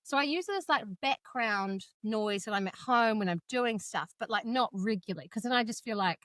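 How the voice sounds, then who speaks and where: A woman's voice: a little high, a little fast, no room sound. A New woman co-hosting a podcast, telling stories with acted-out quotes in casual chat. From New Zealand. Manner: lively storyteller, acts out quotes. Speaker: podcast co-host.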